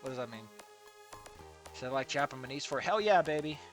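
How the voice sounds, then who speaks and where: Animated, sarcastic fiction critic. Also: mid-range voice, fairly quick, soft background music. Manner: sarcastic, exasperated, swearing, laughing, trailing off quietly. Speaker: fan fiction reader and critic. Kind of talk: sarcastic commentary on a story read aloud.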